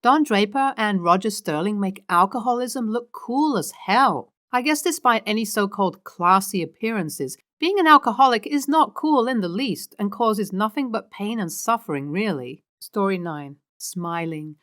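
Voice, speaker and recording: A woman narrating, reading a series of online posts aloud in a steady, scripted way. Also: mid-range voice, moderate pace, hardly any pauses.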